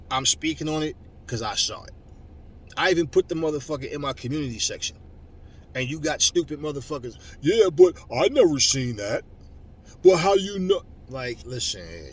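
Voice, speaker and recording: A man hosting a boxing channel, ranting at viewers, loud and mocking, swearing constantly. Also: fairly low pitch. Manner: loud, mocking, heavy cursing. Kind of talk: profane rant to viewers. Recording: slightly distant mic with faint background noise.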